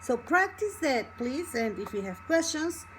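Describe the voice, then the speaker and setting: A woman's voice: sits high, sing-song, a little slow, a little hiss or hum, low-quality recording. A woman with a Mexican Spanish accent teaching a language lesson in English, patiently repeating examples and checking in with her listeners.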